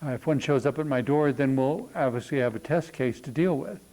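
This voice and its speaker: A man hosting a reflective talk on spirituality, thinking aloud with many pauses and fillers. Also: medium pitch, warm tone, low-quality recording. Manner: thoughtful, unhurried, many ums and pauses.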